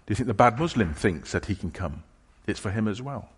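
A man preaches a sermon in a low, husky voice. He talks casually and haltingly, often restarting phrases and acting out imagined questions. His voice rings with the long reverb of a church hall. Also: expressive.

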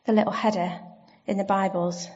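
A woman giving a sermon in a church, gentle and reflective, asking her listeners questions. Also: medium pitch, level tone, moderate pace, slight background noise. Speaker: preacher. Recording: slightly dull lo-fi sound.

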